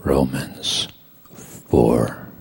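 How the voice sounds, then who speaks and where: A male preacher with a very low, deeply husky voice that sounds worn and breathy. He delivers his sermon slowly and deliberately. He swings between booming declarations and soft, close-up asides. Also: level tone. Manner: preaching, swinging from loud proclamations to hushed intimate talk. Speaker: pastor.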